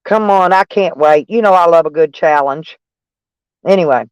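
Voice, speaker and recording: A woman's voice: on the low side, moderate pace, clean tone, no echo, poor audio. A middle-aged woman chatting casually on a live stream, mocking and sarcastic toward trolls in her chat. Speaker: van life streamer.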